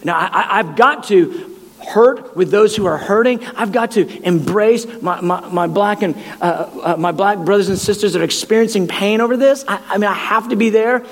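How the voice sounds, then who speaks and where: A man's voice: high voice, moderate pace, in a large hall. A man preaching a sermon in an impassioned way, often stammering and repeating words as he builds his points.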